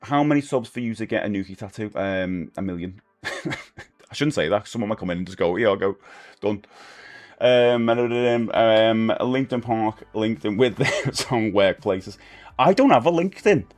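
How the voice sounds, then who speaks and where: A middle-aged man with a fairly low voice chats with his viewers from a home streaming room on a desk mic. He rambles easily and pokes fun at himself, and faint music plays behind him. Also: animated, normal speed. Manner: chatty, rambling, self-deprecating with frequent fillers. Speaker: livestream host. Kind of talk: casual chat with viewers.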